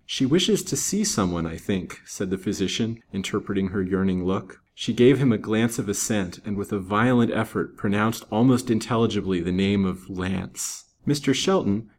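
Brief: male storyteller, low voice, measured dramatic reading of an old novel. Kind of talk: scripted narration of a Victorian novel.

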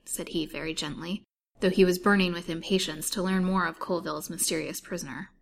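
A woman narrating a novel aloud in a steady, measured way. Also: on the low side, gravelly, a little hiss or hum. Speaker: storyteller.

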